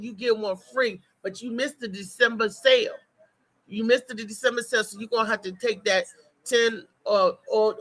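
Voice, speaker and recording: A woman's voice: fairly high pitch, pushed and bright, poor audio. A woman hosting a morning talk show, chatting casually and bluntly with listeners. She repeats her points for emphasis and swears without holding back. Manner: emphatic and repetitive, talks straight to listeners.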